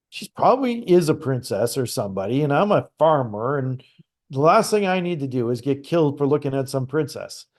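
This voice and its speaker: A middle-aged man from Canada, a guest on a conversational show, telling a personal story in a lively, animated way with frequent restarts. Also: mid-range voice. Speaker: guest psychic medium.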